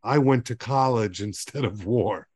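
A man with a fairly low voice, hosting a book podcast. He asks long, winding questions, stacks up fillers, and checks in with a "right?" at the end. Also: unhurried, darkish tone, slightly rough. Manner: rambling questions ending in "right?". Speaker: podcast host. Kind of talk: conversational interview.

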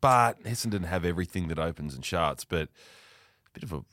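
A man's voice: low-pitched, animated, moderate pace, fairly bright tone, no echo, studio quality. A young Australian man, hungover, telling a story in casual podcast chat and laughing mid-sentence. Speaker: podcast co-host.

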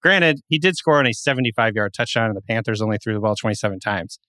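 A man's voice: on the low side, animated, quick pace, sharp tone, no echo. A man co-hosting a fantasy football podcast, talking in a rambling way and correcting himself as he goes. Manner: rambling, self-correcting, many fillers. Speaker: podcast co-host. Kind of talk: casual sports podcast chat.

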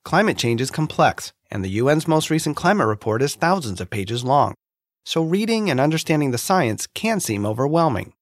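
A man's voice: fairly high pitch, moderate pace, no room sound, studio quality. A man hosting a short science segment in scripted narration. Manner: lively explainer. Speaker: host.

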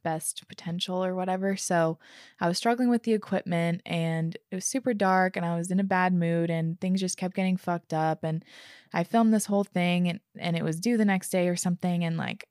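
A woman's voice: lowish voice, steady tone, a little fast, a little mellow, clear, resonant tone, dry recording. Young female vlogger, candid, chatty, lots of filler, dry close sound. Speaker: YouTuber. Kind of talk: casual confessional storytelling.

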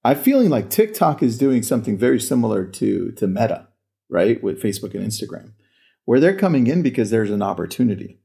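A man's voice: mid-range voice, very animated, brisk, vocal fry, warm tone, slightly rough. A man hosting a casual podcast conversation, laid-back and friendly in his wording. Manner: laid-back, uses "dude" and "bro". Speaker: podcast host.

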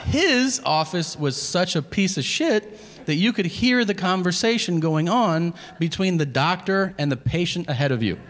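A man's voice: sits high, expressive, normal speed. A man doing a stand-up comedy set, telling a story in a laid-back way and acting out the dialogue. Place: comedy club stage.

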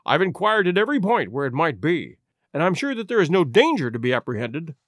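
A man voicing a calm, shrewd male detective who reasons in a measured, cool way. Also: fairly high pitch, no room sound, studio quality.

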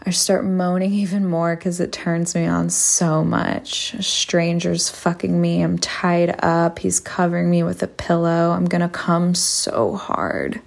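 At an unhurried crawl, a woman podcast host narrates an intimate erotic story. Her low voice is thick with gravelly fry, and she keeps it hushed and sultry, sometimes slipping into whispers.

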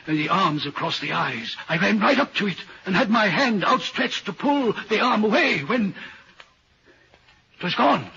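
An actor with a high-leaning, sharp voice performs as a haunted railway signalman, earnestly telling of a ghostly sighting. It's 1940s radio acting, heard on a dull old recording with slight background noise.

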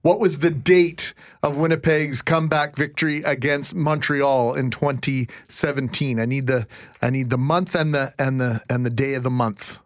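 A man's voice: mid-range voice, fairly even intonation, moderate pace, no echo, studio quality. A man co-hosting morning radio, upbeat and asking quiz questions. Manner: upbeat, quizzing co-host. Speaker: radio co-host.

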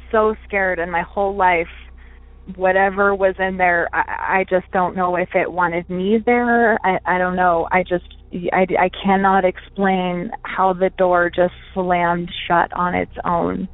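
A woman's voice: lowish voice, flat delivery, slow pace, no echo. Woman caller, chatty storyteller, tinny phone line, dry sound. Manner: chatty, many fillers and restarts. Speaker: caller telling a ghost story. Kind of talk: recorded personal story.

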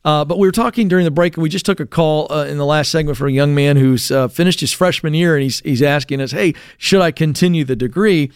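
A man's voice: a little high, quick pace, few pauses, clean tone, dry recording. Man, radio co-host, casual talk, fillers and restarts, dry studio sound. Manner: conversational, frequent fillers and restarts.

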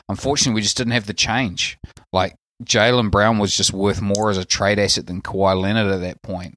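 A man's voice: lowish voice, dry recording, studio quality. A man with a New Zealand accent, co-hosting a casual sports podcast and rambling loosely with lots of fillers. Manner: relaxed rambling with many fillers. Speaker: podcast co-host. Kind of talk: casual chat.

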